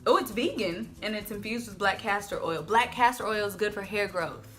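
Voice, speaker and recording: Woman, casual unboxing vlog, gushing and chatty, bright tone, faint music behind. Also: mid-range voice, lively intonation, a little fast. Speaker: vlogger unboxing hair products. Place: at home. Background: faint background music.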